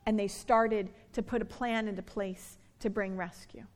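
A woman in her thirties, a pastor delivering an earnest sermon and slowing down to stress key words. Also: mid-range voice, steady tone.

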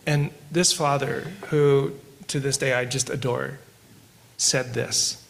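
A man co-hosting a podcast who tells stories while teaching scripture, moving between quick asides and slow, emphatic lines. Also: medium pitch, steady tone, gravelly. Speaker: podcast co-host discussing scripture. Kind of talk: conversational Bible teaching with storytelling.

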